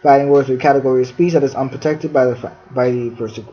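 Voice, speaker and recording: A man's voice: medium pitch, fairly even intonation, fast. A man hosting a podcast, reading definitions from a fact sheet with many fillers. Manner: reads definitions aloud, filler-heavy. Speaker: podcast host. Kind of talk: reading facts in a podcast discussion. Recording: dull lo-fi sound.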